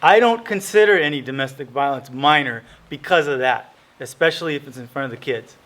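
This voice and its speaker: A man's voice: medium pitch, animated, a little fast, fairly bright tone. A middle-aged man from California, a lawyer giving an earnest lecture-style talk with slides, often restarting and correcting himself.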